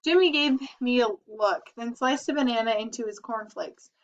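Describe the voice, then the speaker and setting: A woman narrating a children's chapter book aloud in a lively, expressive way. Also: fairly high pitch, moderate pace. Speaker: audiobook reader. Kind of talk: storybook narration. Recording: dull lo-fi recording.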